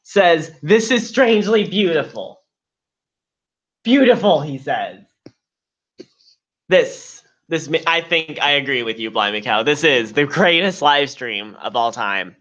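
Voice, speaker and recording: Slow, bright-voiced man joking around. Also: mid-range voice, expressive, dull audio. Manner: mock-dramatic, self-pitying whine. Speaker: co-host. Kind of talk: joking live stream chat.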